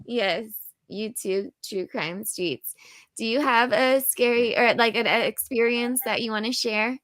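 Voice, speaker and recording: A woman welcoming people on a live paranormal panel in casual chat, speaking in a friendly, drawn-out way with fillers. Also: on the high side, a bit bright, no echo.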